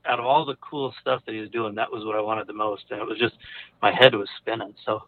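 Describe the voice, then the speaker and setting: A man's voice: fairly low pitch, steady tone, fast talker, a little hiss or hum. A man casually telling a personal story, rambling with lots of fillers and restarts. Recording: narrow phone-like audio.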